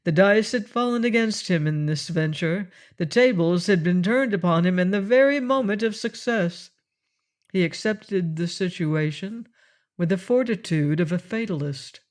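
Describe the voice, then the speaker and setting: A man narrating a classic adventure novel in a measured, expressive storytelling manner. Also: high-pitched. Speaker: audiobook narrator. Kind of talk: audiobook reading of a classic novel.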